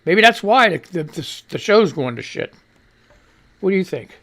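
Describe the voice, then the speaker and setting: A middle-aged man hosts a casual live show, his voice gravelly and a little rough at the edges. He rambles, circles back on his own words and lets sentences trail off, with a sarcastic edge. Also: sits high, very animated, normal speed, fairly bright tone. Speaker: radio show host. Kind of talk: casual chat reading comments aloud.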